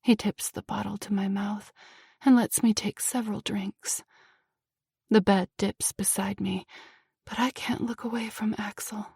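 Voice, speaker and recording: A young woman reading first-person audiobook narration with feeling, moving between tense passages and hushed ones. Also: medium pitch, fairly even intonation, a little slow, gravelly, slightly rough, no room sound, studio quality.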